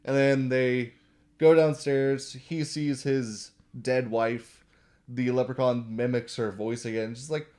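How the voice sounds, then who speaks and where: A man's voice: medium pitch, level tone, slow pace, a little mellow. A man co-hosting a casual movie recap podcast, telling parts of the plot and chiming in with confirmations. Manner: chimes in with confirmations. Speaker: podcast co-host.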